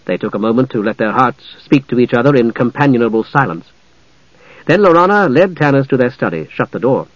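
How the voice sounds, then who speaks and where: A man narrating a fantasy novel in a measured, even storytelling manner. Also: mid-range voice, no room sound, lo-fi sound. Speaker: audiobook narrator.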